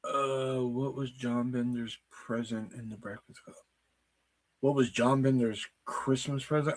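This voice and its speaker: A man's voice: medium pitch, steady tone, a little slow. A man hosting a casual trivia night stream, joking and swearing freely with friends. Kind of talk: casual chat over a trivia game.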